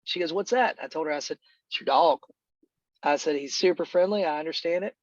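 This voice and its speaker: A middle-aged man with a fairly high voice tells a long, rambling story, dropping "dude" and "man" all through it. The call audio is dry and a little dull. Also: fast, no echo. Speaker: real estate agent.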